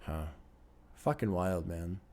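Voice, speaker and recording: A man's voice: deep voice, lively intonation, slow, a little mellow. A man hosting a music reaction video, musing and rambling in casual commentary, chuckling often and sometimes dryly sarcastic. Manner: wry sarcasm.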